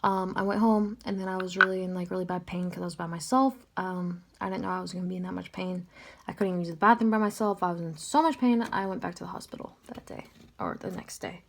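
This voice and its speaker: Woman, slightly low voice, chatty casual storyteller with constant fillers. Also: steady tone, quick pace, creaky, a little hiss or hum. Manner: chatty, filler-heavy, lots of "like" and "um". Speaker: vlogger.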